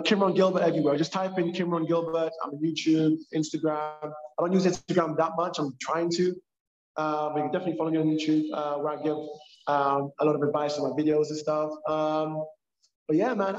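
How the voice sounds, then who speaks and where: A man with a London accent, a purpose coach talking as a podcast guest in an animated, emphatic way. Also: fairly high pitch. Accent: London English. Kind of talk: casual podcast conversation. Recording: echoey, dull lo-fi sound.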